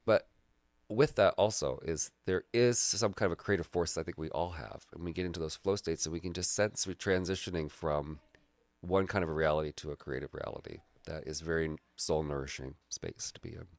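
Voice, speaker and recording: A reflective man speaks as a guest in an easy conversation, earnest and unhurried in his thoughts. His voice sits very low and carries a gravelly fry. The sound is dry and close. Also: dry recording. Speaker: graphic artist and guide, guest. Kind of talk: casual conversation.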